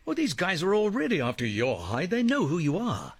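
Man playing a gravelly, commanding team leader. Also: high-pitched, wildly swooping pitch, a little fast, no echo, exaggerated voice. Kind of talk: radio drama.

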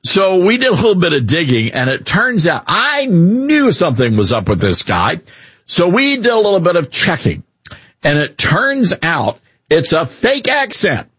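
Animated Southern talk radio host. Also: male voice, high-pitched, normal speed, breathy edge, dry recording. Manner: animated, mocking, puts on exaggerated drawls. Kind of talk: casual talk radio chat.

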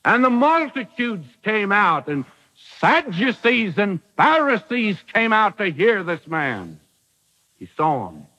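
A man's voice: sits high, huge pitch swings, slow pace, sharp tone, rough recording. A man preaching a dramatic sermon, acting out the quotes in the bible story.

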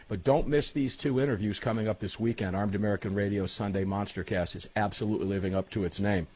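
A middle-aged man hosting a talk radio show, with brash, rapid-fire promotional patter. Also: on the low side, darkish tone.

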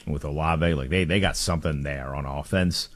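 Deep-voiced laid-back sports radio man. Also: normal speed. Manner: laid-back, joking, laughs often. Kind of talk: casual sports talk.

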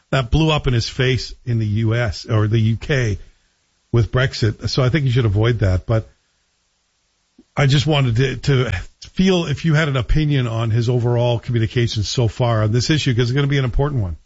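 A man's voice: medium pitch, slightly rough, dry recording, lo-fi sound. A man hosting a morning talk radio show, chatting casually and opinionatedly with a guest and chuckling between points. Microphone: studio microphone.

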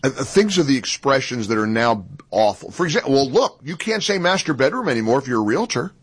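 A man co-hosting a talk radio show, incredulous and animated, often breaking into laughter. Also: mid-range voice, brisk, slightly rough. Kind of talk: casual on-air banter.

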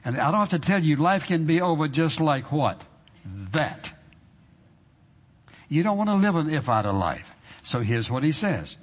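A man preaching a sermon as pastor, emphatic and conversational, repeating phrases and prompting the congregation for amens. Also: medium pitch. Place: church sanctuary. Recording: dull reverberant hall recording.

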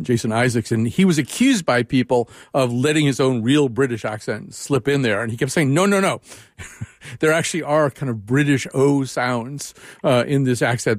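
Lively storytelling male host. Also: mid-range voice, no echo, clean studio sound. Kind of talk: interview chat.

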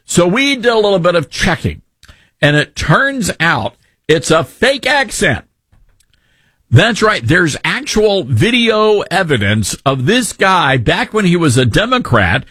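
A man's voice: high voice, very animated, a little slow, bright, forceful tone, breathy edge, no echo. A man with a Southern accent hosting talk radio, ranting sarcastically in an opinionated way.

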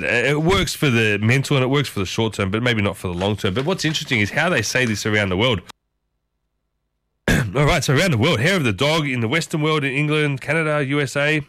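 A man's voice: mid-range voice, fairly bright tone, dry recording. A man hosting a radio show, chatting casually and putting questions to his listeners. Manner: chatty, asks listeners questions, stumbles over foreign phrases. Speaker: radio host. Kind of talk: casual on-air chat. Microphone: studio microphone.

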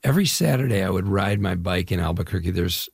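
A man's voice: low-pitched, expressive, fast talker, creaky, breathy edge, dry recording, clean studio sound. An older man from the Chicago area, an actor telling stories with enthusiasm in a casual interview. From Chicago area, USA. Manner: enthusiastic, rambling storyteller. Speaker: actor guest.

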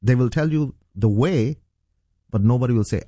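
A man's voice: medium pitch, moderate pace, warm tone, dry recording. A middle-aged man from Pakistan, a pastor telling his personal testimony earnestly, with frequent fillers and restarts. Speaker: pastor and guest.

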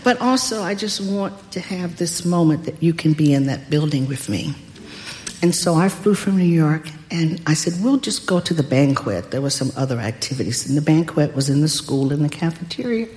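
An older woman telling a personal story in a deliberate, wry way. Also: low-pitched, expressive, a little mellow, a little hiss or hum. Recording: long hall reverb.

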